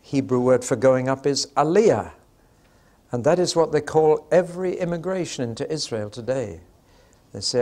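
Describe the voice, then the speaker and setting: A man's voice: on the high side, animated, normal speed. Older man teaching scripture. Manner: conversational, explanatory, with dramatic emphasis. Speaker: preacher. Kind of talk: Bible teaching talk to a congregation.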